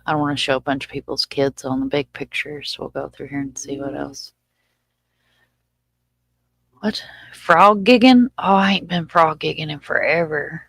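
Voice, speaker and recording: A Southern woman hosts a laid-back livestream, talking in a chatty, folksy way and answering viewers. Her voice has a gravelly, fried edge. The sound is dry and close, with no room echo. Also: sits low, steady tone, fairly quick, fairly bright tone. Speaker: livestream host. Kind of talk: casual livestream chat.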